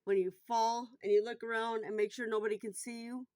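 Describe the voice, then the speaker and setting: A middle-aged woman, a bar worker, telling a personal story in a casual vlog. She talks bluntly, swears freely, and gets loud and worked up while retelling it. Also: fairly high pitch, little pitch movement, a little fast, dry recording.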